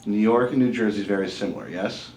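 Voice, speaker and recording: A man's voice: fairly low pitch, fast talker, a little mellow. A man in casual podcast banter, stubbornly repeating himself to push a teasing point. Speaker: podcast participant.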